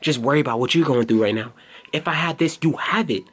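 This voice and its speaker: A man's voice: medium pitch, lively intonation, normal speed, long pauses. A man in his twenties delivering a motivational vlog monologue, emphatic and blunt, scolding and urging the viewer directly. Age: 20s. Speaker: YouTuber.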